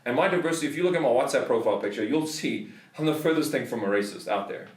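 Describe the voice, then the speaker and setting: A man's voice: mid-range voice, animated, quick pace, reverberant, far from the mic. A South African man on a podcast, telling a story in a heated, swearing rant. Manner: swears a lot, heated ranting. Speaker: podcast host. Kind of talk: casual storytelling.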